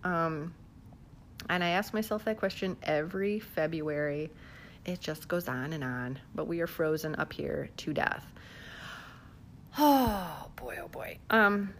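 A woman's voice: medium pitch, slight background noise. Chatty woman talking into her phone. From southern United States. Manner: chatty, laughs often, many fillers. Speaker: vlogger. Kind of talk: casual chat to camera. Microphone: phone held in hand.

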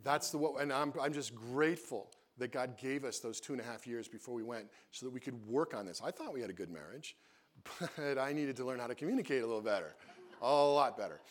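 A man sharing a mission and marriage story with his wife, in an earnest, animated way that grows lively when he quotes himself. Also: mid-range voice, fairly quick. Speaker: missionary co-host. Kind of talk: casual testimony talk.

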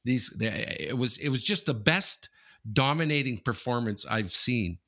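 A man co-hosting a casual sports podcast, talking in an animated, repetitive way, often tossing in "okay?" and swearing freely. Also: mid-range voice, measured pace. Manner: animated and repetitive, keeps saying "okay?" and the host's nickname. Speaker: podcast co-host.

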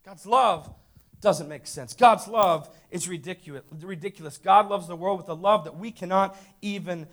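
Male pastor, 30s, high voice, sermon delivery with dramatic hush-to-loud swings and rhetorical questions. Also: moderate pace.

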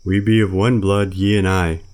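A man's voice: low-pitched, steady tone, fairly quick, a little mellow. A man reading a storybook who voices a boastful, sulky boy raised by wolves, eager and pleading.

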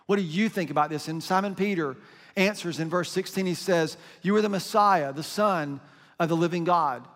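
Male pastor, high voice, conversational sermon with scripture readings, reverberant sanctuary. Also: moderate pace, a bit bright. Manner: conversational preaching, reads scripture aloud.

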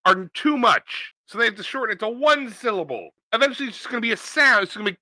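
A young man co-hosting a podcast, teasing his friend with playful, quick comebacks. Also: very high voice, lively intonation, pushed and bright, dry recording. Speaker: podcast co-host. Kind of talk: casual banter.

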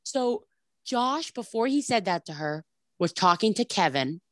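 A woman in casual chat, telling a reality show story in an animated way and acting out what people said. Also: mid-range voice, a little slow, no echo, studio quality. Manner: animated storytelling, acts out quotes, many "like"s.

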